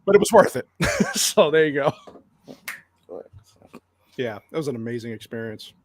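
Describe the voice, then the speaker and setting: Excitable man telling a long story. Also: mid-range voice, moderate pace. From lives in Arizona. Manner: excited, rambling anecdote with many restarts. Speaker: guest. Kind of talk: casual storytelling on a podcast.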